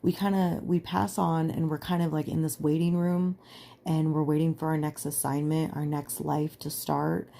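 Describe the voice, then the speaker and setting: An earnest young woman hosting her podcast, speaking in a low voice with a gravelly fry. Her tone is mellow and relaxed as she talks at length, leaning on "like" and stressing her points. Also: moderate pace, slight background noise. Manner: earnest, emphatic, lots of filler "like". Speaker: podcast host. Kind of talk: casual personal monologue.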